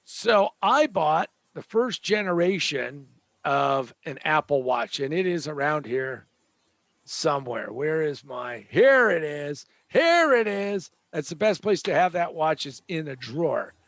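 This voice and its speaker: A man's voice: a little high, animated, a little slow, creaky, dry recording. A man hosting a show, delivering a joking, sarcastic tech rant with a rambling manner. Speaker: host.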